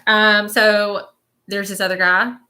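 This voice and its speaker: A woman's voice: mid-range voice, flat delivery, takes it slowly, sharp tone. A woman giving a live-stream reading as a spiritual medium, describing visions in a rambling, hesitant way and often checking in with "okay?". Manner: rambling, checks in with listeners with frequent "okay?" tags; describes visions in present tense, hesitant and searching.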